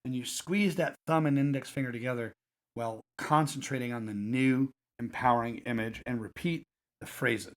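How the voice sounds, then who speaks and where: A man guiding listeners through a self-help technique in a calm, repetitive coaching cadence. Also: medium pitch, moderate pace. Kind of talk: guided self-help instruction.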